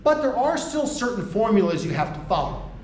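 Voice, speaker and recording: American man, lecturer, conversational, keeps asking "right?", slightly high voice, distant mic, echoey room. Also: very animated, a little fast, a little mellow, a little hiss or hum. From United States. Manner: conversational, frequent "right?" checks and restarts; laughs between points. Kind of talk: university lecture to faculty.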